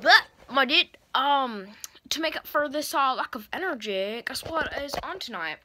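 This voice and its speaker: A woman's voice: high-pitched, lively intonation, moderate pace, pushed and bright, a little hiss or hum. A young woman chatting casually to her phone camera in a vlog, playful and chatty. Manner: chatty and playful, tired at times. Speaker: vlogger.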